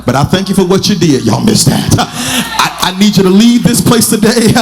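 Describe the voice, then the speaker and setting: A male pastor preaching, swinging into shouted, half-sung lines and calling on the congregation. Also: high-pitched, sing-song, moderate pace, creaky. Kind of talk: sermon. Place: church sanctuary.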